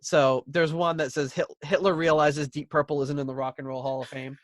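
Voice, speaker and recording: Laughing podcast co-host, slightly high voice. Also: male voice, level tone, brisk, no echo, clean studio sound. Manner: laughing storyteller, acts out quotes. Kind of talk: casual chat.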